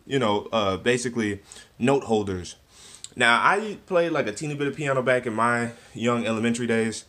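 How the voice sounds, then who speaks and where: A man's voice: medium pitch, fairly bright tone. A young man vlogging in a casual, laid-back way with slangy, self-deprecating asides, recorded in a cluttered room at home. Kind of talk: casual product walkthrough.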